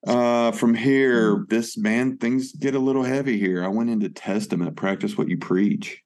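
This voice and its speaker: A man's voice: medium pitch, normal speed, a little mellow. A man co-hosting a podcast in casual chat about music, laid-back and swearing, with many fillers. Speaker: podcast co-host.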